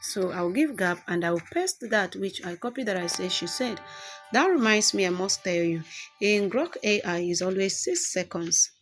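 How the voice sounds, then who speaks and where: Over soft background music, a woman with a mid-range voice and lively intonation talks at a moderate pace. She's the host of a step-by-step screen-recording tutorial, narrating as she works and frequently saying "okay" to check in.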